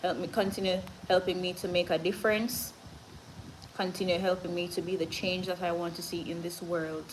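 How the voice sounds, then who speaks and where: A woman's voice: lowish voice, level tone, normal speed, a little hiss or hum, low-quality recording. A woman with a Jamaican accent, hosting a casual live stream and reading viewer comments. She talks in an earnest, motivational way, moves between patois and standard English, and is short of breath.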